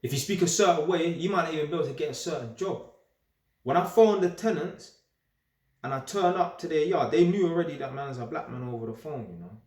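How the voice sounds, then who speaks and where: Animated young man, roomy echo. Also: fairly high pitch, a little fast. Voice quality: streetwise slang-heavy talk. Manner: animated, emphatic, repeats himself. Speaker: vlogger. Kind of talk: casual straight-talking monologue.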